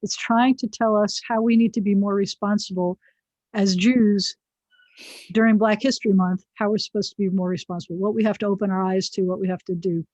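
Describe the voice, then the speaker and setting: A woman's voice: medium pitch, fairly even intonation, fairly quick, a little mellow, dry recording. A woman rabbi teaching a biblical Hebrew class online, chatting through the vocabulary with personal asides. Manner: chatty, digressive, explains word by word with asides. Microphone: video call. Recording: dull, dry video-call audio.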